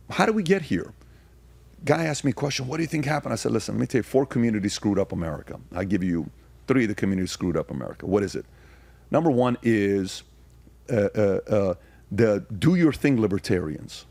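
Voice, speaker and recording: Low-voiced man telling stories emphatically. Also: a little mellow, no echo. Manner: storytelling, turning emphatic and rhetorical when arguing. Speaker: podcast guest. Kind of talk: casual conversation.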